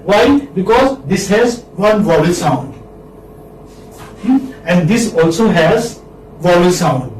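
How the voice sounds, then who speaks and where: A man with an Indian accent teaching a phonetics class, repeating each word slowly and checking in with a questioning "hmm?". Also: high-pitched, a little mellow. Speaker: English literature lecturer. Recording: echoey room, distant mic, faint hiss.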